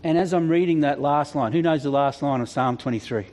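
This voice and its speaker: A man preaching a sermon, telling stories with animated, self-deprecating humor and acting out voices. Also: a little high, a little fast, hardly any pauses. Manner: animated, acts out quoted voices. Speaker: pastor. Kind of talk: sermon storytelling.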